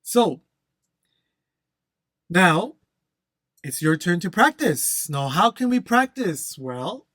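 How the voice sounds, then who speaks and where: Unhurried instructor, keeps checking in with the class; dry close recording. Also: medium pitch, very animated, fairly bright tone, no room sound. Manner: frequent "okay?" checks, addresses viewers as everyone. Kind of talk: exam-prep lesson.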